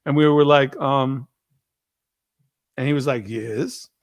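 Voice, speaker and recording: A man hosting a live stream, telling stories in a casual, profane, animated way. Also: medium pitch, a little slow, smooth, dry recording. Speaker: host.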